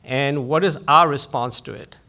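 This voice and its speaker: A man, a physician giving an invited public lecture, who speaks quickly and eagerly in a conversational way. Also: mid-range voice, bright, forceful tone.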